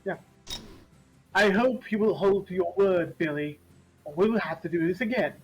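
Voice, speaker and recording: A man's voice: sits high, moderate pace, breathy edge, lo-fi sound, soft background music. A man voicing a smug, theatrical male farm animal who speaks grandly.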